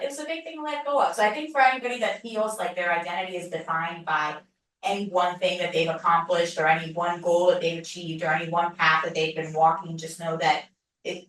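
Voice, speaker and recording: Bright-voiced woman in an echoey room. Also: medium pitch. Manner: chatty, laughs often, earnest. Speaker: interview guest. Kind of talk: casual podcast interview. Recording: echoey distant room sound.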